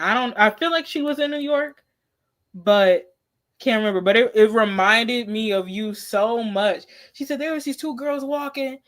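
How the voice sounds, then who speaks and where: A woman co-hosting a casual chat, retelling a story in a relaxed, amused way. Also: on the high side. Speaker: co-host.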